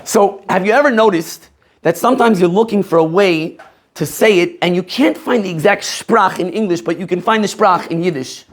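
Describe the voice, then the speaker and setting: A man from Maryland, USA, teaching a class of rabbinical students in a lively, questioning way, laughing often. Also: high-pitched, moderate pace.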